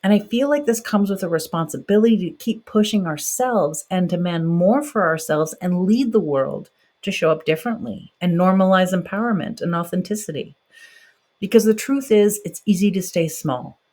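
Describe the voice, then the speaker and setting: A woman's voice: fairly low pitch, moderate pace, a little mellow. A woman in her forties hosting a podcast, talking directly and encouragingly in a motivational monologue. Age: 40s. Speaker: podcast host.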